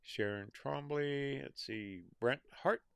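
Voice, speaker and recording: Slow, folksy American man hosting a livestream. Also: mid-range voice, gravelly, fairly bright tone, clean tone, no room sound, clean studio sound. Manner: easygoing, folksy, reads out viewer names and greetings. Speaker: livestream host reading viewer comments. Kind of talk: casual live chat.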